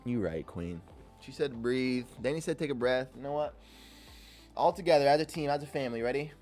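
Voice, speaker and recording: A man livestreams his trades, addressing the market and reading the chat aloud, lurching from loud bursts of cursing to quiet muttering. He sounds animated and brisk, with soft music playing behind him.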